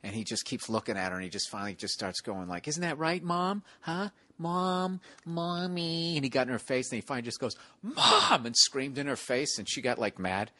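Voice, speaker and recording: Talking quickly with hardly any pauses, a man with a low-side voice recounts stand-up stories in a dry recording. In his forties and Boston-accented, he curses a lot in casual chat and animatedly plays the people involved, like shouting hecklers.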